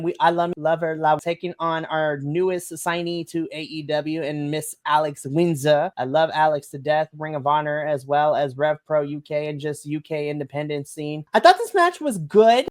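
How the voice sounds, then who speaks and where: A podcast co-host giving a casual, animated wrestling review, laughing often and trailing off mid-sentence. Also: mid-range voice, moderate pace, few pauses.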